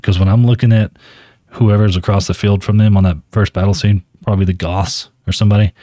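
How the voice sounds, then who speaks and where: A man's voice: on the low side, steady tone, a little fast, dark tone, no room sound. A man holding a breezy, self-important one-sided phone call, talking with frequent ums and restarts. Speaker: podcast host doing a comedy phone skit.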